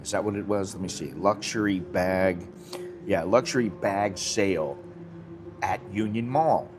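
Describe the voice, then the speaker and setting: An American man tells a rambling story in a relaxed live stream, his voice sitting low. He acts out bits of dialogue as he goes. Music plays clearly in the background. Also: unhurried. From United States. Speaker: vlogger. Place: Thailand, drinking coffee.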